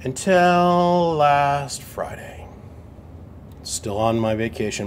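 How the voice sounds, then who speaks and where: A man's voice: fairly low pitch, a little fast, a little mellow, slight background noise. A man running a repair shop, telling a casual story to camera in an aggrieved, blunt way. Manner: aggrieved, blunt, acts out both sides of phone calls. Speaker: amp repair shop owner.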